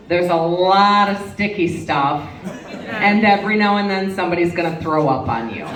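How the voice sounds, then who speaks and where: A brash, bawdy woman in her fifties from Wisconsin performs a stand-up set in a reverberant reception hall, her lowish voice turning conspiratorial with the audience. The mic sits at a distance, so she comes through an echoey room under loud crowd laughter and noise.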